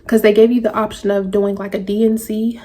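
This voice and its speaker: A woman in a vlog telling a personal story to her viewers, speaking in a halting, emotional way. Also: medium pitch, level tone, mellow. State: tearful at times. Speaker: vlogger. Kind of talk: personal story told to camera.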